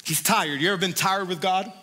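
A male pastor preaching a conversational, animated sermon in a church hall. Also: sits high, a little fast, slight background noise. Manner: animated, conversational, with rising sung emphasis. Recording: echoey hall.

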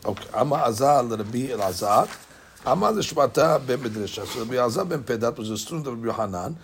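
A man teaching a Talmud study class in quick, halting English full of Hebrew and Aramaic terms, often repeating words. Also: medium pitch, animated, a little hiss or hum.

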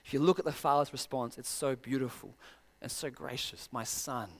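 A man's voice: mid-range voice, fairly even intonation, brisk, creaky, big-room sound. A man preaching a sermon, pressing his listeners with pointed rhetorical questions.

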